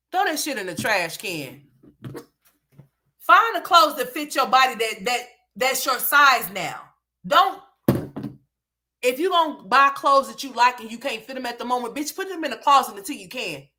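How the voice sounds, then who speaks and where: A woman delivers reaction commentary in a bright, forceful voice that sits a little high. She talks in a blunt, profane way, scolding her subject without softening anything. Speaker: commentary host.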